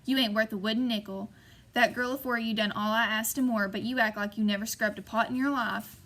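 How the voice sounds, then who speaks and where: Woman doing a bossy old crone, harsh shrill voice, rural drawl, storybook reading. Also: fairly even intonation, brisk, a bit bright. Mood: scolding. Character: mean old backwoods woman, scolding.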